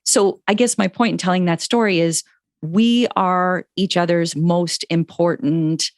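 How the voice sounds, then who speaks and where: Woman, middle-aged, podcast guest, chatty, fillers, low voice. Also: fairly even intonation, dry recording, clean studio sound. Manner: chatty, frequent "like" and "you know", quick laughs. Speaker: podcast guest, parenting author. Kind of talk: casual conversational interview.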